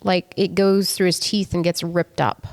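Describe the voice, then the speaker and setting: Soft-spoken female co-host. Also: lowish voice, flat delivery, normal speed, no echo. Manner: soft-spoken, meandering, hesitant. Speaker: podcast co-host. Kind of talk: casual banter.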